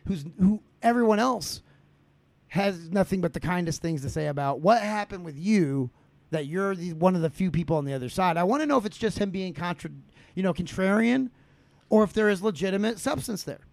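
Podcast guy ranting and cussing, high voice with lots of gravel, dead dry sound. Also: brisk, darkish tone, no room sound. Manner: ranting, profane, full of restarts. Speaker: podcast host. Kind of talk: casual comedic podcast rant.

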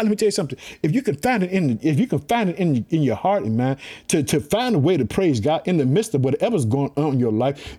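A man preaching a fervent sermon, his husky voice riding high and swinging widely in pitch. He repeats phrases, calls out to his listeners and slows right down when he reads scripture. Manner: fervent, repetitive preaching with call-and-response.

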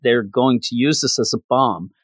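A man casually recapping a comic book in an excited, chatty way. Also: mid-range voice, moderate pace, husky, dry recording. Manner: excited, chatty, acts out lines.

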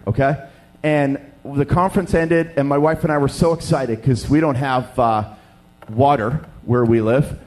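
A middle-aged man from Canada, a pastor telling a funny story in a sermon and acting out the voices of the people in it. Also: a little high. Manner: animated, jokey, acts out dialogue.

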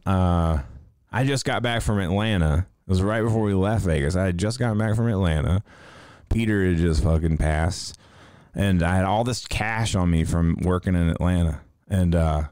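A man's voice: sits low, a little mellow, no room sound, studio quality. A young man hosting a casual podcast, telling rambling stories full of swearing in a laid-back way. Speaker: podcast host. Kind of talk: casual livestream podcast monologue.

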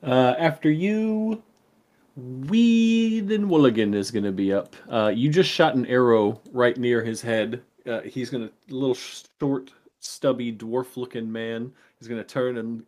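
Guy gm running a tabletop game, casual, lots of uhs, normal pitch. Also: a little mellow. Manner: casual, quick rulings with fillers. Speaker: game master.

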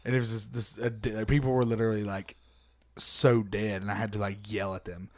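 A man's voice: lowish voice, little pitch movement, brisk. A man who does stand-up, telling a rambling anecdote on a comedy podcast with lots of fillers. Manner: rambling, filler-heavy anecdotes, laughing easily. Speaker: stand-up comic, podcast regular. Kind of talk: casual storytelling on a comedy podcast.

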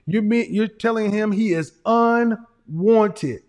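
High-pitched man lecturing emphatically. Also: slow, a little mellow. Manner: emphatic, repetitive lecturing with profanity. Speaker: livestream host. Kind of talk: livestream relationship advice.

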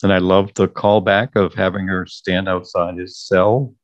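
A man's voice: sits low, level tone, measured pace, highs cut off. A man co-hosting a casual podcast chat recapping a TV show, agreeable and thoughtful, often affirming his co-host.

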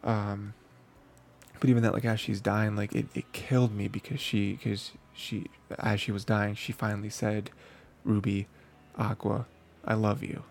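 Guy rambling about anime, low-ish gravelly voice, lots of "you know" and restarts. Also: level tone, moderate pace, a little hiss or hum. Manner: rambling, filler-heavy, frequent restarts. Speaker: anime review host. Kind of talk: casual spoken review.

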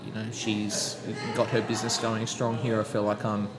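Young Australian man, softened accent with British inflections, rambling chat, noisy recording. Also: on the low side, completely flat delivery, normal speed. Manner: chatty, rambling, frequent fillers and restarts. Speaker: podcast guest. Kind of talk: casual chat. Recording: audible background noise.

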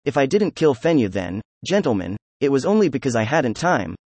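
A man's voice: mid-range voice, big pitch swings, fairly quick, a little mellow, dry recording. Guy reading a hotheaded young man, defiant, gloomy outbursts, dry close sound. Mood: exasperated. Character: hot-tempered, proud young man under questioning.

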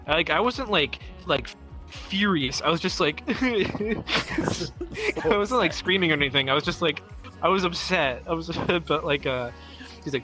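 A man's voice: on the high side, expressive, normal speed, bright, forceful tone, faint music behind, low-quality recording. A man hosting a podcast, casually telling a story with lots of restarts and self-corrections. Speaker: podcast host.

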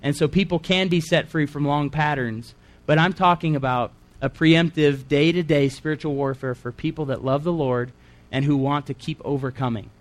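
A man's voice: a little high, fairly even intonation, moderate pace. A man preaching a sermon, reading scripture aloud and breaking in with earnest asides.

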